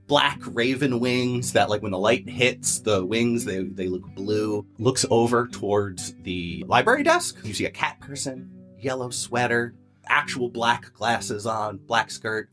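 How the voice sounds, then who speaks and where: A man's voice: mid-range voice, fairly bright tone. A man narrating a tabletop game as game master, in a loose, casual way with fillers.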